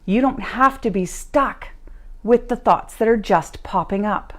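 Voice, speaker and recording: A woman's voice: medium pitch, a little slow. A woman hosting a motivational live stream who tells personal stories and repeats her key phrases for emphasis. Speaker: podcast host and life coach. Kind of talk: motivational talk, storytelling. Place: live stream recorded at home.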